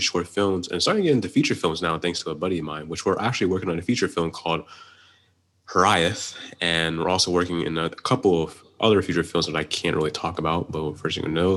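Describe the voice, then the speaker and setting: Podcast guest: a very low-voiced man from the Pittsburgh area, quick casual delivery that blurs words together. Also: a bit bright. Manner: talks fast, runs words together. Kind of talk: casual chat.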